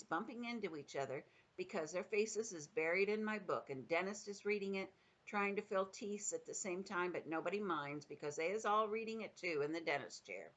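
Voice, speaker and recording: An older woman, a grandmother, reading a children's book aloud with expressive storytelling, dipping into the characters' voices. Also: mid-range voice.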